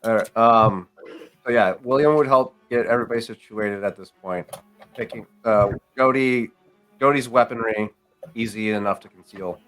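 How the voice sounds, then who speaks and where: A man's voice: fairly low pitch, normal speed, a bit bright, faint music behind. A man narrating as game master, casual and rambling, calling players mate.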